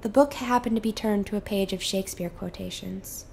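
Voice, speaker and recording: A young woman giving a soft, measured and intimate reading of a novel as scripted narration. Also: medium pitch, steady tone, vocal fry, a little hiss or hum. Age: young adult. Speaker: student reader.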